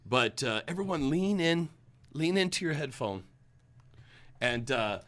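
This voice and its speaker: A man co-hosting a casual drinking podcast chat, animated and laughing, slipping into mocking impressions. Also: fairly high pitch, unhurried. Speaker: podcast co-host.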